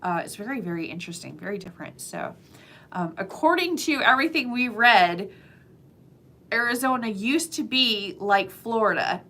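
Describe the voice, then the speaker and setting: A chatty woman talks casually to the camera in a bright, forceful voice. She is animated and quick to laugh, with plenty of fillers between thoughts, and her pitch sits in a middle range for a woman. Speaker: realtor. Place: lives in Florida.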